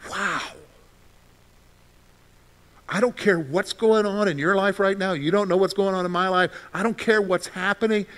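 A man preaching a sermon, swinging between loud, animated outbursts and soft, quiet lines. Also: sits high, moderate pace, pauses often. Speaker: pastor.

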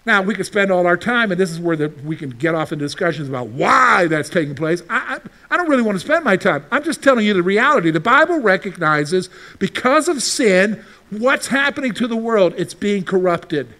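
A male pastor preaching a sermon in a lively way, often putting rhetorical questions to the congregation. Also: sits high, a little fast.

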